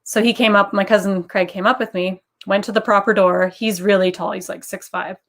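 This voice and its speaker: A woman's voice: mid-range voice, fairly even intonation, brisk, fairly bright tone. A woman in her thirties, a guest in an interview, telling a personal story in an earnest way. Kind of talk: casual interview talk.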